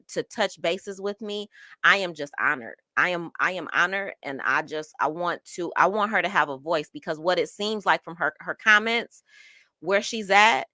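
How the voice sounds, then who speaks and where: A woman speaking hosts a casual livestream, reading out chat messages and reacting in a lively, slangy way. Her voice is bright and forward, and the recording is dry and close to the mic with no room sound. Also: lowish voice, no room sound. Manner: animated and chatty, slangy.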